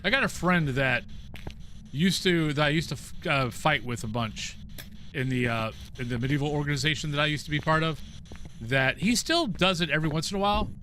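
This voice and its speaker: A middle-aged man chats loosely with his viewers as he plays, wandering from one story to the next. His voice sits a little high and rings bright and forceful. A faint steady hum runs under the mic. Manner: rambling, talks to chat and to the game's ghost. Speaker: streamer. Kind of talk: casual chat with stream viewers while gaming.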